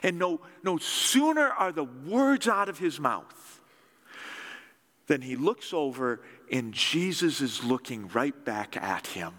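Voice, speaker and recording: A man preaching a sermon in a lively, conversational storytelling way. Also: a little high, takes it slowly, big-room sound. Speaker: pastor.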